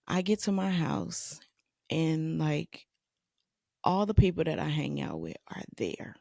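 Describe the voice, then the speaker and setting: A woman with a gravelly, mellow voice tells a personal story slowly, her delivery halting and tearful, circling back over the same phrases. The sound is close and dry, with no room behind it. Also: sits low, sing-song, dry recording. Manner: halting, repeats phrases, emotional. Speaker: podcast host.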